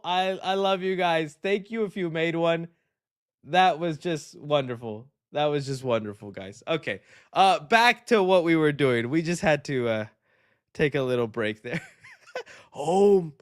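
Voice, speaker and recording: A man hosting a casual movie news livestream, chatty and animated, often breaking into laughter. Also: fairly high pitch, normal speed, clear, resonant tone.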